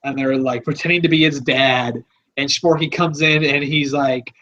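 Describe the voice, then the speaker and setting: A man's voice: medium pitch, fairly even intonation, moderate pace, bright, forceful tone, dull audio. A man hosting a podcast, talking in a rambling, offhand, casual way and swearing freely. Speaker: podcast host.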